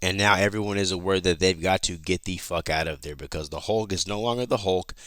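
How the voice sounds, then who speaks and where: A man with a low, deep voice walks through a comic issue in a loose, chatty way. He swears freely and trips over his own sentences. The recording is dry and close, with no room sound. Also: brisk, fairly bright tone, no room sound. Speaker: comic book YouTuber. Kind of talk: casual comic recap.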